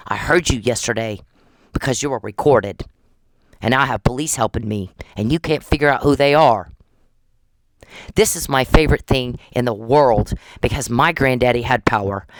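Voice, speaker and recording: A woman in her fifties from the United States, a vlogger, delivers an angry, profane, accusing rant straight to the camera. Her voice rumbles low, and there's no room sound.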